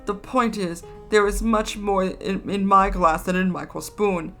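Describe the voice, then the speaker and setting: A woman's voice: mid-range voice, steady tone, unhurried, fairly bright tone, faint music behind. A woman voicing a pompous, sulky father in a storybook reading, blustering and petulant.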